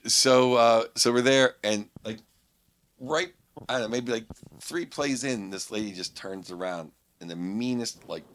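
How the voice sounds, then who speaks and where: A man's voice: mid-range voice, measured pace, fairly bright tone. A middle-aged man from Pittsburgh, a guest comedian telling a rambling anecdote on a podcast, full of restarts. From Pittsburgh, USA. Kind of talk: casual storytelling on a podcast.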